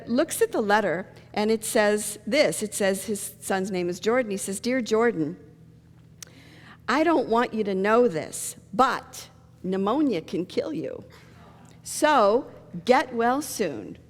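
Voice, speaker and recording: Woman pastor preaching in a reverberant hall. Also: on the high side. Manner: storytelling with jokes and laughter. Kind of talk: sermon. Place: church sanctuary. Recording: long reverb of a church hall.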